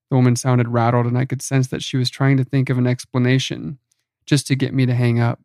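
A man giving a scripted horror story narration in an even, measured reading. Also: mid-range voice, no room sound, studio quality.

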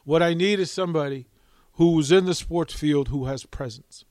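Mężczyzna udający powolnego nowojorskiego biznesmena. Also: male voice, a little high, darkish tone, no room sound, clean studio sound, close to an everyday voice. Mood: smooth insistent. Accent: New York. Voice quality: slow, measured, self-assured. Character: slow, smooth-talking New York businessman, middle-aged man.

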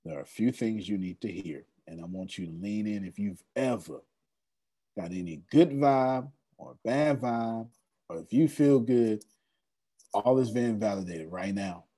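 A man presenting on an online meeting call, excitable and casual, repeating himself for emphasis. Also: lowish voice, unhurried. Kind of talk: animated motivational pitch.

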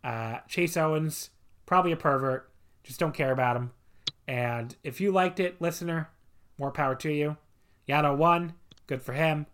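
A man talking through wrestling matches on a podcast, blunt and opinionated, with a voice sitting a little high for a man. He swears freely and never holds back his verdicts. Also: moderate pace, fairly bright tone. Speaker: podcast co-host. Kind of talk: casual podcast chat reviewing wrestling matches.

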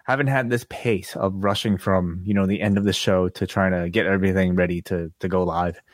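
Podcast co-host, man, lowish voice, hesitant and stammering, dry close sound. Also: fairly even intonation, a little fast, dry recording. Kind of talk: casual live chat.

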